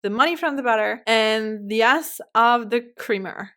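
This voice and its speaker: A woman hosting a solo podcast, talking passionately and swinging from fired up to soft and calm, swearing casually. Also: fairly high pitch, normal speed. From French-speaking. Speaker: podcast host.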